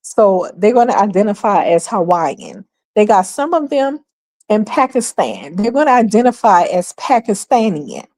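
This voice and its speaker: A woman hosts her own talk stream, speaking casually and emphatically right to her viewers, repeating her points and breaking into laughs. Her mid-range voice is a little mellow, moderately paced, with big pitch swings.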